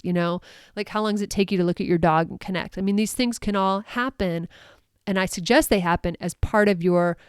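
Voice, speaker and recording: Her voice sits on the low side, clear and resonant, captured with clean studio sound and no room sound. She's a woman coaching dog sport handlers on her own podcast, upbeat and chatty, with many fillers and plenty of laughter.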